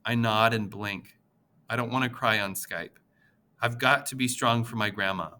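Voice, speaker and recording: A man narrating an audiobook in the first person, with an expressive, emotional reading. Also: medium pitch, normal speed.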